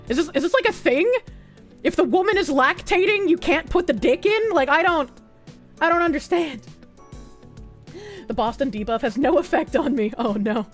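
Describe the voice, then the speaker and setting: A young woman chats casually on her stream, tossing off bawdy jokes and laughing between chat replies. Her voice sits high, with soft music playing faintly underneath. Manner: bawdy, joking, laughs often.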